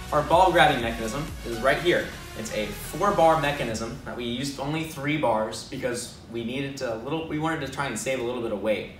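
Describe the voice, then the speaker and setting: A man casually walking through how his team's robot works, in a self-deprecating, relaxed way. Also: medium pitch. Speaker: robotics team member. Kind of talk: casual technical walkthrough. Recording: echoey room, mic far off, music behind.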